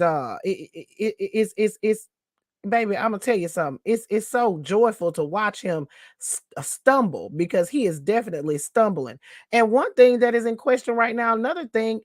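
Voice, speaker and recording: A woman's voice: mid-range voice, dry recording, clean studio sound. A woman hosting a sassy news commentary show, who calls her listeners baby and honey, repeats a catchphrase and laughs between remarks.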